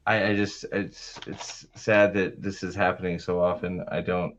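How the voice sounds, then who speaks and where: A man's voice: deep voice, fairly even intonation, slow pace, a bit bright, lo-fi sound, a little hiss or hum. A man hosting a livestream in casual chat, rambling and swearing heavily, often restarting his sentences. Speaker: livestream host.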